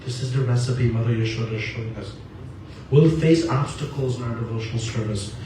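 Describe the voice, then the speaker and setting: A man's voice: mid-range voice, brisk, mellow, slight background noise. A man giving a spiritual talk in an earnest manner, asking questions and answering them himself. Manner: earnest, asks and answers his own questions. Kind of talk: sermon. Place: temple hall. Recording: echoey hall from far off.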